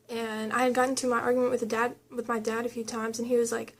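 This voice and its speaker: A woman's voice: a little high, little pitch movement, fast. A young adult woman vlogger chatting casually, retelling a personal story in a rambling way full of fillers and quoted dialogue.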